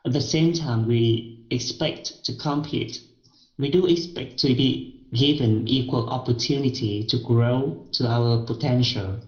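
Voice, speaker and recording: Slow, halting man learning English. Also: mid-range voice. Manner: slow and halting, with many "uh" pauses. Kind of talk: reading aloud and answering a tutor. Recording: roomy, muffled lo-fi recording.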